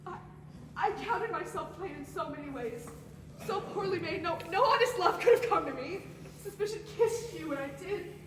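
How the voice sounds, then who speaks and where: A teenage girl playing a humble, remorseful Puritan wife pleading with her husband in a high school stage play. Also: lively intonation, normal speed. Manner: pleading, tearful. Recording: echoey hall from far off, noisy phone.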